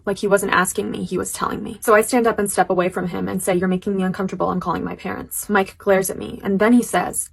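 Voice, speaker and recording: Young woman storyteller, fast, husky-edged, chatty storytime read. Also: medium pitch, rough recording. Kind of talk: casual first-person storytime narration.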